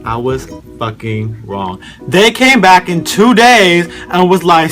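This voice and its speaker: A man's voice: high voice, sing-song, takes it slowly, a bit bright, faint music behind. A young man telling a story in a casual vlog, rambling and slangy as he talks straight to his viewers. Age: young adult.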